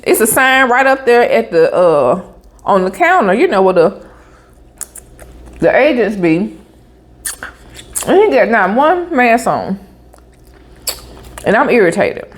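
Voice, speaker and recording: A woman vlogger, telling a story in a chatty, animated way with asides like "honey" and "baby" while she eats. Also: a little high, slow pace, long pauses. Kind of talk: casual storytelling while eating.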